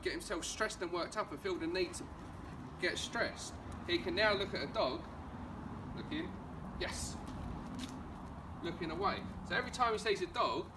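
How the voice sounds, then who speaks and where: A calm man with an Essex accent explains dog training on a street and gives short firm commands like a coach. His voice sits fairly high for a man. He is recorded from some distance by the camera, with clear outdoor noise behind him. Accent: Essex English. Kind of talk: on-location training instruction. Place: outdoors on a street during a home visit.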